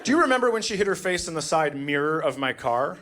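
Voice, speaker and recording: A man's voice: fairly high pitch, very animated, fast, fairly bright tone, slight background noise. A middle-aged man doing a stand-up comedy set, telling dry stories that break into exasperated outbursts.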